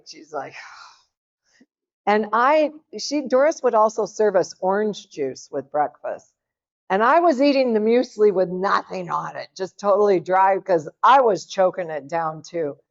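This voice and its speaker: A middle-aged woman from Oklahoma giving a chatty, folksy cooking talk to an audience at a health seminar. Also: medium pitch. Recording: dull lo-fi sound.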